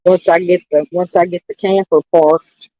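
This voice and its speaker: A woman's voice: fairly low pitch, steady tone, normal speed, mellow, no echo. A woman chatting casually on a live stream, rambling and greeting viewers by name. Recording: dull dry lo-fi sound.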